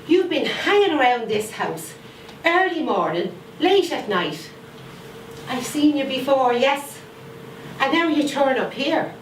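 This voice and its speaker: Actress as a defiant granny, widow guarding her cats, slow and swooping, heard from afar in an echoey room. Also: high voice, sing-song, heavily acted. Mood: scolding. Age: older. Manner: dramatic storytelling with slow emphatic repetition. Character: fierce widowed grandmother guarding the garden cats. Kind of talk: theatre monologue. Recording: echoey room, far from mic, faint noise.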